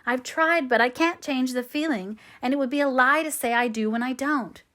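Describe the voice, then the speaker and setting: A woman's voice: high voice, normal speed, pitched above the performer's own voice. A woman voicing a spirited young woman who speaks earnestly and firmly in an audiobook reading. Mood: earnest, remorseful. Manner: earnest, gently firm.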